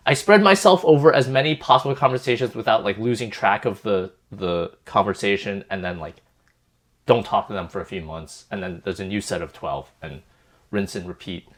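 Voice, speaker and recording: A man's voice: fairly low pitch, a little fast. A young man co-hosting a podcast, talking casually and rambling with many fillers and restarts. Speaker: podcast co-host. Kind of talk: casual group chat.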